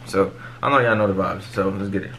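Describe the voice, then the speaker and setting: A man's voice: low-pitched, fast. A young man hosting a music reaction video, talking in casual, profane street slang and cutting in over the song.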